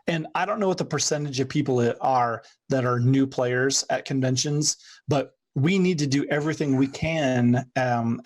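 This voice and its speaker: A man's voice: medium pitch, creaky, slightly rough. A man co-hosting a casual podcast chat, earnest and enthusiastic.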